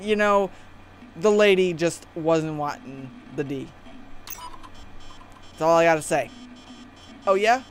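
A man giving casual let's-play commentary, excitable and crude, jumping from mumbled asides to loud joking outbursts. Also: high voice. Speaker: gaming video host.

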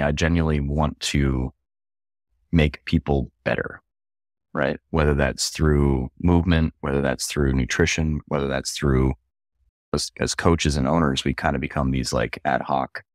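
A man's voice: a bass voice, dry recording, studio quality. A middle-aged man from Philadelphia, a fitness coach guesting on a podcast, speaking in an earnest, reflective way. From Philadelphia, USA. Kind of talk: casual interview chat.

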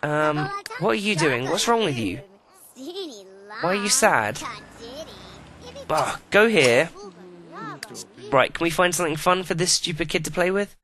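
A man's voice: on the high side, lively intonation, measured pace, long pauses, pushed and bright. A man giving profane, exasperated running commentary while playing a life-simulation video game. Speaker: let's play host.

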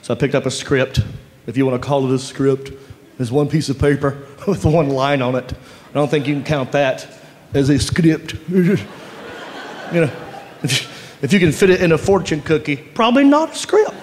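A man telling an animated stand-up story, laughing through his lines. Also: a little high, normal speed, big-room sound. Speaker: stand-up comedian. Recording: live stand-up with audience noise. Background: audience laughter.

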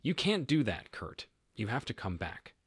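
Anxious pleading wife in a storybook reading, voiced by a man, husky and lively. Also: mid-range voice, normal speed, no echo, studio quality. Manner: pleading, flustered. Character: anxious wife, woman, desperate on the phone.

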